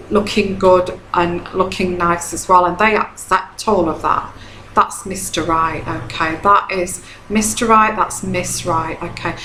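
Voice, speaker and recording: A woman's voice: mid-range voice, fairly bright tone, a little hiss or hum. A woman, a tarot reader giving casual advice in a chatty, repetitive way and often checking in with "okay?". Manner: chatty, repeats herself, frequent "okay?" checks. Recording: echoey room.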